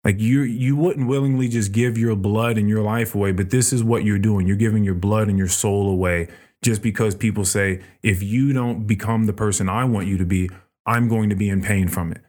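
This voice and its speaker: A man voicing a calm male messiah who patiently explains a lesson. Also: fairly low pitch, normal speed, natural voice.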